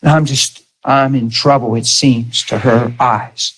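A man preaching a sermon, telling his own story, dropping to a hush and then raising his voice to drive a point home. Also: medium pitch, steady tone, unhurried, slightly rough. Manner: testimony swinging from hushed to raised voice.

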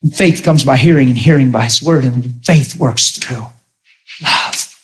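A middle-aged man preaching a sermon, telling stories with animated emphasis. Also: mid-range voice, unhurried. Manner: animated, rises to near-shouting when retelling a story. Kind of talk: sermon storytelling.

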